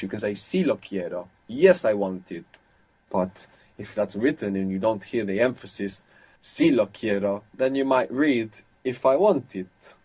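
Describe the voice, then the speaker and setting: A man's voice: fairly low pitch, darkish tone, husky. A man teaching as a language teacher on an audio course, patient and explaining things step by step.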